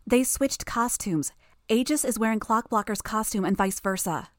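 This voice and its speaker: Audiobook: a woman as a clever teen girl, raised pitch, insistent, dry close sound. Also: animated, fairly quick, darkish tone, no room sound, lightly acted. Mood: urgent. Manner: urgent, insistent. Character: sharp, sly teenage girl, quick thinker.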